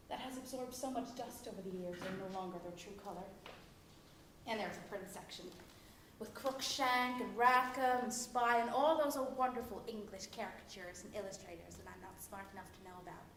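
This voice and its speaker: An actress on a stage playing a lively woman who reads out a chatty, gushing letter from England. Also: medium pitch, lightly acted. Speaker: stage actor. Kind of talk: stage play reading a letter aloud. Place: theatre stage. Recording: echoey theatre, from far off, faint noise.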